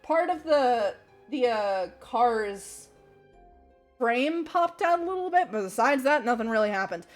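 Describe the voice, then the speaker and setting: Young woman streamer, high voice, animated storyteller, swears a lot, faint music underneath. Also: measured pace. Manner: animated, swears freely, laughs mid-sentence. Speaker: livestreamer. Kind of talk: casual storytelling.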